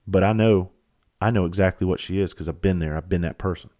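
A man's voice: deep voice, fast talker, warm tone. A man, a comedian, telling a long personal story in a blunt, profane, conversational way. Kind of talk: storytelling monologue.

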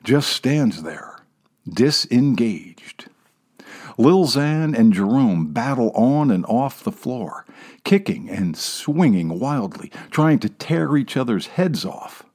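A man reading a story aloud as narrator, wry and sardonic, dropping into hushed asides. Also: medium pitch, very animated, slow. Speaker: audiobook narrator. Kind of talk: scripted narration.

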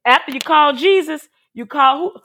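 A woman's voice: sits high, moderate pace, fairly bright tone. A woman giving an emotional personal testimony as an interview guest, talking earnestly and repeating herself as she tells her story.

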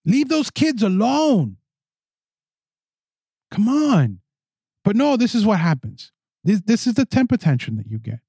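Man, podcast host, indignant, mocking, a bit high-pitched, very dry mic. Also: unhurried, pauses often, slightly rough, no echo. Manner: animated, indignant, mocking put-on voices. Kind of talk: opinion podcast monologue. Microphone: studio microphone.

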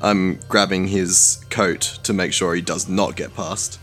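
A man's voice: low voice, fairly even intonation, unhurried, fairly bright tone, faint music behind. A man playing a tabletop game, stating his moves briefly and plainly. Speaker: player.

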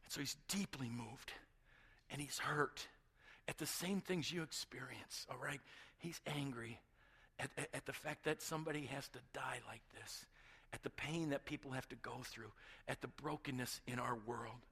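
A man's voice: mid-range voice, fairly even intonation, moderate pace, a bit bright. A male pastor preaching a sermon with passion, often repeating words and dropping to a near-whisper at emotional points.

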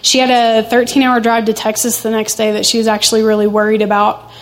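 A woman's voice: on the high side, monotone, fast. A woman telling a church testimony in a casual, chatty way, full of fillers and "like". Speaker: church member giving a testimony.

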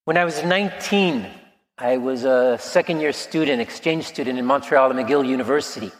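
A man around sixty, a priest, preaching a sermon in a gentle, reflective storytelling manner. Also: medium pitch, moderate pace. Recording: long reverb of a large hall.

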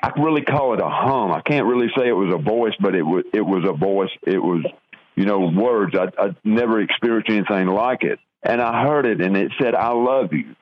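An older man from the southern United States slowly and earnestly tells his life story in an interview, often stopping to restart. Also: lowish voice, animated. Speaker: guest sharing testimony. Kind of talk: personal testimony in an interview. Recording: dull lo-fi radio audio.

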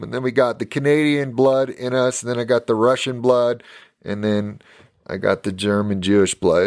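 A man's voice: medium pitch, fairly even intonation, normal speed, no room sound, clean studio sound. An American man preaching a fiery live-stream sermon for his podcast, emphatic and tired. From United States.

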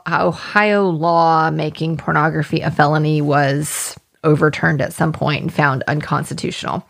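A woman's voice: low-pitched, gravelly. A woman hosting a true-crime podcast, explaining legal points in a plain, conversational way. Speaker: podcast host.

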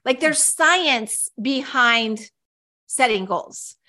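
A woman's voice: high-pitched, animated, very slow, pushed and bright. A woman co-hosting a casual podcast, talking in a chatty, upbeat way with frequent fillers and restarts. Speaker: podcast co-host.

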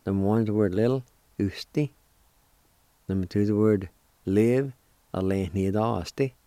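A male radio host giving a language lesson, spelling and pronouncing words slowly and deliberately. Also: on the low side, mellow, no room sound.

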